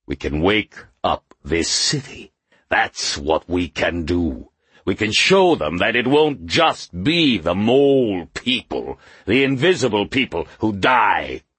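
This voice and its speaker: Voicing a suspicious, grim underground boss, a male narrator goes higher than his usual register with a slow, husky, silky hiss. It is a fierce, very animated, heavily acted audiobook performance, recorded dry and close without echo.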